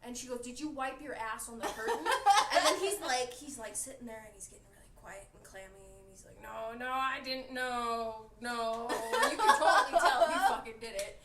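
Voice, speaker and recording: High-voiced woman telling a story from afar. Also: fairly quick, hardly any pauses. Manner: animated, laughing while she tells it. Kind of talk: telling a funny family story. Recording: distant echoey audio with loud noise.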